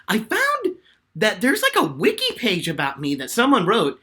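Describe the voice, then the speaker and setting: A man in his twenties hosting a live fan question-and-answer chat, telling stories in an animated way and laughing often. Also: sits high, moderate pace. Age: 20s.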